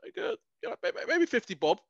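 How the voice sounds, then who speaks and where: A man, co-hosting a casual sports podcast in excitable, animated banter. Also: extremely high pitch, quick pace, creaky, dry recording. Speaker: podcast co-host. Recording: dull, dry lo-fi mic.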